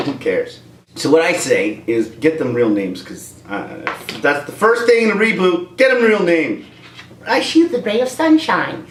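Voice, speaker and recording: A man's voice: a little high, normal speed, recorded from a distance, slight background noise. A man giving a joking, ranting movie review as the host of his own channel. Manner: animated, joking rant. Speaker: YouTube comedian and reviewer. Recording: roomy echo, off-mic.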